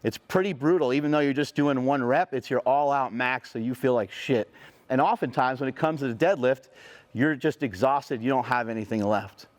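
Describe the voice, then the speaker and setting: A middle-aged man giving a motivational speech, telling a personal story in a profane, animated way. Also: medium pitch, moderate pace. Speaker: motivational speaker.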